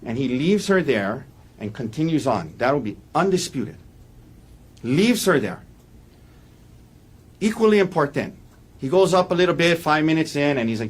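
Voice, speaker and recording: A man giving a defense opening statement in a courtroom, walking the jury through events in an earnest, halting way with frequent restarts. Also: a little high, very animated, breathy edge. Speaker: defense attorney.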